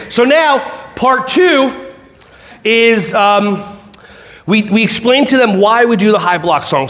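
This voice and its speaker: A man giving an energetic keynote talk, joking, shouting and singing along with the audience. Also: high voice. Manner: animated, jokey, sings and shouts along with the crowd. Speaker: keynote speaker.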